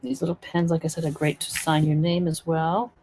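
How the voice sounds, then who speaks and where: A woman's voice: deep voice, a little fast, a little mellow, a little hiss or hum. Chatty woman teaching painting live. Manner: chatty, encouraging, thinks aloud while working.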